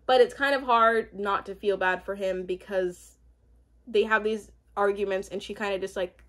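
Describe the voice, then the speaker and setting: A woman's voice: medium pitch, steady tone, normal speed. A young woman in casual chat, rambling with many fillers and asides as she recaps a reality show.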